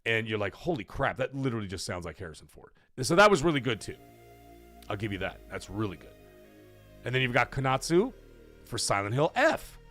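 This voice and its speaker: A man's voice: medium pitch, big pitch swings, a little fast, a bit bright, faint music behind. A man hosting a casual live-streamed podcast from home, rambling and chatty as he reads out viewer comments. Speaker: livestream podcast host.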